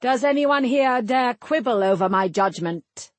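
A woman's voice: a little high, animated, measured pace, no echo, voice pushed up. A woman voicing a male lord who gives orders in a stern, snapping manner. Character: angry commanding male lord.

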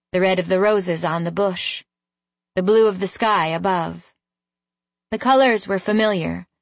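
A woman narrates a first-person fantasy tale at a slow, unhurried pace. Her reading is gently expressive and even. The recording is dry and close, with no room sound. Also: medium pitch, dry recording. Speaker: audiobook narrator.

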